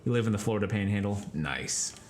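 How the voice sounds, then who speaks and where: A man's voice: fairly low pitch, lively intonation, quick pace, a little mellow, soft background music. A man from Texas, a streamer and voice actor, chatting casually about voice acting and answering his viewers in a rambling way. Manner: rambling, explains while talking to chat.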